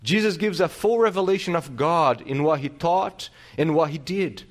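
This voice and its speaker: A man pastor preaching a sermon, teaching with rhetorical questions and restarting phrases, swinging his loudness and pace for emphasis. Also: fairly high pitch, moderate pace.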